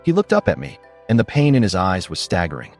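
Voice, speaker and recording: A man giving scripted, expressive narration of a first-person story. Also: deep voice, quick pace, faint music behind.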